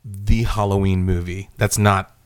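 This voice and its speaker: A man co-hosting a casual podcast, enthusiastic and quick to swear and laugh. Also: low-pitched, steady tone, clean tone. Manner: enthusiastic, swears freely, laughs while talking. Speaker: podcast co-host.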